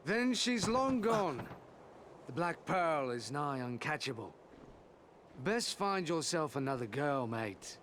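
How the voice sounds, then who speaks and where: An actor playing a swaggering, roguish pirate captain in a video game, with a slow, mocking drawl. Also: male voice, on the high side, sing-song, a bit bright, a little hiss or hum, exaggerated voice. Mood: taunting.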